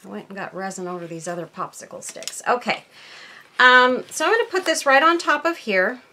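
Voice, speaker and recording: A woman's voice: fairly high pitch, expressive, brisk, background noise. A woman hosting a casual crafting tutorial at her workbench, chatting to viewers and thinking aloud as she works. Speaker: crafting channel host.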